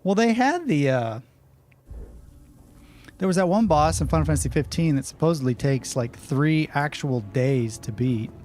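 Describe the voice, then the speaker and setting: A man's voice: a little high, lively intonation, normal speed, darkish tone, soft background music. A man hosting a live gameplay stream, giving casual, wry commentary and chatting with viewers. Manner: casual, wry, chatty, reacts and answers chat. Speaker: streamer host.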